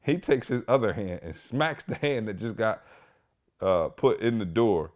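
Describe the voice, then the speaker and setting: A man's voice: on the low side, lively intonation, a little slow, a little mellow. A man hosting a podcast, telling a story casually and animatedly, speaking straight to his listeners with lots of fillers and restarts. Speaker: podcast host.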